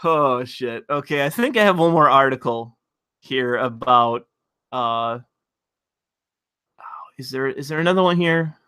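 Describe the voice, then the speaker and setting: A man's voice: mid-range voice, lively intonation, measured pace, pauses often, bright, forceful tone, clear, resonant tone. A man ranting sarcastically and with profanity on a live stream of political commentary, sometimes laughing at his own point.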